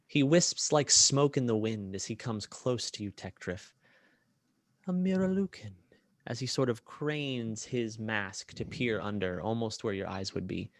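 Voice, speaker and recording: A man narrating a tabletop role-playing game as game master, in a lively way with frequent fillers and restarts. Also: lowish voice, a little slow, hardly any pauses, dry recording.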